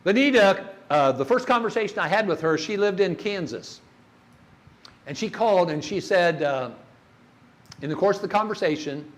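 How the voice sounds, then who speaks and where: A man's voice: high-pitched, lively intonation, normal speed. An older man giving a church workshop talk on grief, folksy and storytelling, asking the audience questions.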